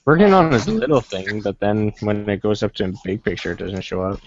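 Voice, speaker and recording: A woman's voice: extremely low pitch, very animated, brisk, a little mellow. A woman cosplayer in a casual group video chat, talking expressively and swearing casually. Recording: lo-fi video call with noise.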